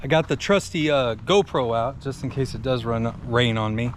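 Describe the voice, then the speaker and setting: A man's voice: mid-range voice, normal speed, a little hiss or hum. A man talking casually to camera in a vlog, rambling and folksy, often saying "y'all". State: out of breath while running. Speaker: vlogger.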